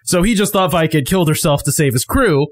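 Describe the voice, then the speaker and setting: A man's voice: fairly high pitch, fast talker, no room sound. A man who ran a tabletop campaign, chatting casually on a podcast, rambling with fillers and laughing easily. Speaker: game master.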